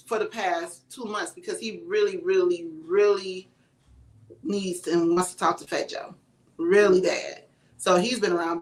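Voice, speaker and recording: A woman speaking as a psychic medium guest in a casual livestream interview, telling stories and acting out the voices of the people in them. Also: medium pitch. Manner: animated storyteller, acts out quoted voices.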